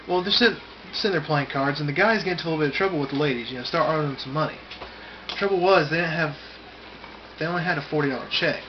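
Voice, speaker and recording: A man's voice: a little high, fast. Folksy man telling a card-trick story. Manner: folksy, rambling, repeats words. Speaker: amateur magician performing a card trick. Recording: muffled home recording with loud hiss and card clicks.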